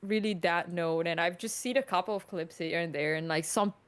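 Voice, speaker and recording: A woman chatting casually on a podcast about films, animated and rambling, with lots of "like". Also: fairly low pitch, fairly quick, smooth. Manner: animated, rambling, heavy use of "like".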